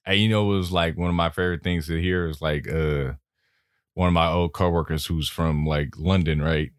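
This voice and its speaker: Male podcast co-host, very deep, dry, playful and slangy. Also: normal speed, no echo. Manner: joking, animated, slangy. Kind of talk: casual chat.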